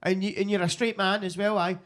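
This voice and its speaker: A man's voice: high-pitched, level tone, a little fast, a bit bright. A Scottish man hosting a live comedy night, easygoing and chatty, laughing with the performers on stage in a basement club.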